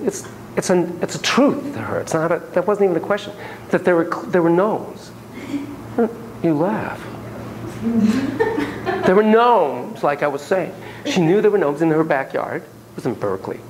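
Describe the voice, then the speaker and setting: A man lecturing a class, telling stories in an animated, playful way and acting out sound effects. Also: fairly high pitch, moderate pace, a little hiss or hum, low-quality recording.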